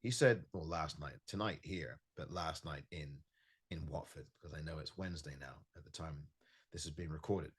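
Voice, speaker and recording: A man hosts a solo football podcast from a home recording in California, reviewing a match emphatically and with frustration, repeating himself for stress. His voice is extremely low-pitched and husky, at a normal speed.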